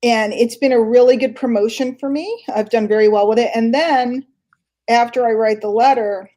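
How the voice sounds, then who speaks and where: A woman hosts a casual live stream in a chatty voice that sits a little high. She thinks out loud as she goes and fills the gaps with plenty of ums. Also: steady tone, moderate pace. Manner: chatty, thinks aloud with many fillers. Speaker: host.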